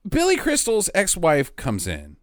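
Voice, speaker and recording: A man's voice: high voice, a little slow, no room sound, studio quality. A man co-hosting a podcast, sarcastically recapping a bad movie in casual chat. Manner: sarcastic, animated recapping with mock villain lines. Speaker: podcast co-host.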